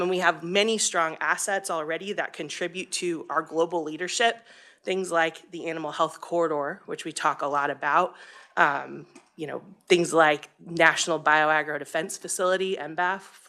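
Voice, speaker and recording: A woman from Kansas testifies before a legislative committee in an earnest, slightly breathless way. Her voice sits on the low side but sounds very bright and forward. She talks through frequent fillers and small restarts. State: pregnant, a little short of breath. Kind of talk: formal testimony.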